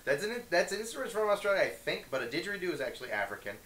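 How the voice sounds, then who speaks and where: A young man co-hosting a casual podcast chat, animated and quick to explain things. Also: high-pitched. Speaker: podcast co-host.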